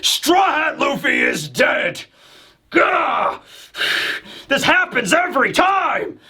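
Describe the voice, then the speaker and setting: A man voicing a rampaging male dragon warlord who shouts in exasperation. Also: very high-pitched, big pitch swings, slow pace, voice pushed up, heavily acted. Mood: furious.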